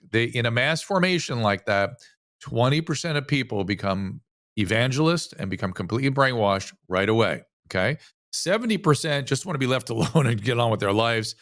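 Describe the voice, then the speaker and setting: A physician from the United States speaking as an interview guest, telling a story animatedly with frequent restarts. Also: male voice, medium pitch, fairly bright tone, no echo, clean studio sound. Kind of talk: casual interview conversation.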